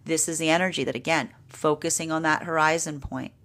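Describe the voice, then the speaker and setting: A woman's voice: low voice, a little fast. A woman giving a live tarot reading, talking through spiritual energy with frequent "right?" tags and playful acted-out inner dialogues. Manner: animated, laughing, plays out inner dialogues. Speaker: tarot reader.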